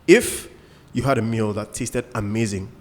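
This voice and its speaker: A man's voice: on the low side, moderate pace. Man musing in a reverberant room. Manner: explains with examples and asides. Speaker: co-host. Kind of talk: casual podcast chat.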